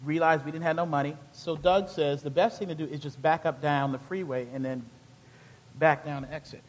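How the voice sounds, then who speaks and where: A male pastor from Charleston, South Carolina, with a Southern accent and a high voice, preaching a sermon in an animated, colloquial storytelling way. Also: a little fast, long reverb tail.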